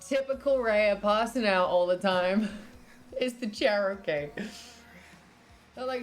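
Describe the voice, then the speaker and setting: A young British woman, her accent softened by years in America, chatting casually on a livestream and reading out her chat. She giggles a lot, swears freely and coos at her dog. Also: medium pitch, animated, a little slow, pauses often, faint music behind. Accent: British, partly American after years in the US. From Britain.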